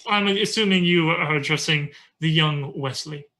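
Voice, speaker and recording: A game master voicing a gruff, wise old male dwarf master who speaks slowly and calmly. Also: mid-range voice, close to an everyday voice.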